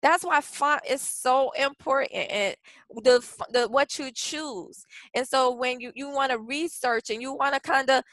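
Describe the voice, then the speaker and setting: A woman's voice: high-pitched, a little slow, fairly bright tone, dry recording, low-quality recording. A woman presenting a branding workshop in a chatty, casual way, with frequent restarts and fillers. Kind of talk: casual webinar teaching.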